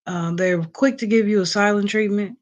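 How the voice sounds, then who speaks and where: A woman who just woke up runs a casual livestream, working through a list of points with lots of ums while talking with her viewers. She has a mid-range voice at normal speed, and the audio is dull.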